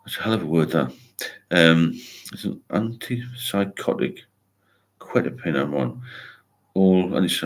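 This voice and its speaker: An older man hosting a casual livestream, rambling as he reads viewer comments aloud and answers them with encouragement. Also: sits low. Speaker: host of a sobriety livestream. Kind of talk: casual live chat.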